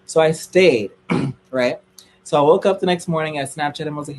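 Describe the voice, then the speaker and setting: At a normal speed, a young man shares a dramatic bit of gossip with viewers during a relaxed streaming chat. His voice climbs to squealing highs when the story gets exciting.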